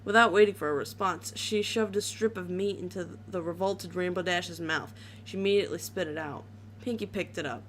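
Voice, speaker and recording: A woman's voice: medium pitch, moderate pace, slight background noise. A woman reading a horror story aloud in a casual way, with small slips and restarts.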